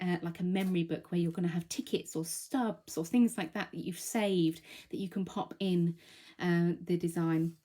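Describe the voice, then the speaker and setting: A woman with a lowish, slightly mellow and faintly rough voice talks through a live craft demonstration. She's a little out of breath as she recovers from illness, yet stays chatty and reassuring, thinking aloud with plenty of ums.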